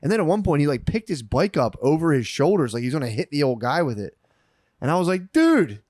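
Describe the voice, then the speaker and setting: A man's voice: fairly high pitch, animated, quick pace, a little mellow, no echo, clean studio sound. A man co-hosting a podcast, telling crude stories in casual chat and mocking people in put-on voices. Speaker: podcast co-host.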